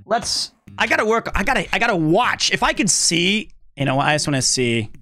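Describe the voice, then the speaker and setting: A man's voice: sits high, very animated, moderate pace, bright, forceful tone, faint music behind. A young man streaming live, chatting casually and thanking viewers in an upbeat way.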